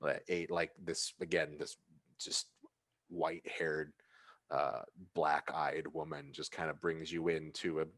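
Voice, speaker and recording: A man runs a tabletop game as game master, narrating at length in a rambling way full of fillers. His voice is very low and the sound is dry and close. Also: flat delivery, measured pace, fairly bright tone, no echo.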